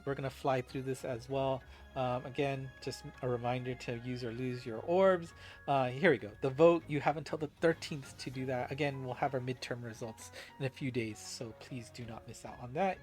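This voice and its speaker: A man hosting a casual game news recap, chatty with many filler words, over faint background music. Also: mid-range voice.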